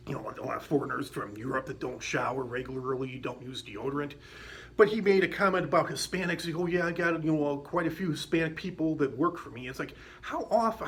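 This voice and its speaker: A man's voice: medium pitch, fairly bright tone, slight background noise. A man telling a personal story in a casual, rambling way, with many fillers and restarts and some blunt swearing. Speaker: vlogger.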